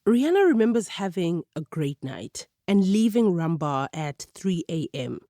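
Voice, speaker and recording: A woman narrating a radio documentary in a measured, clear storytelling manner. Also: on the low side, sing-song, dark tone, dry recording, clean studio sound.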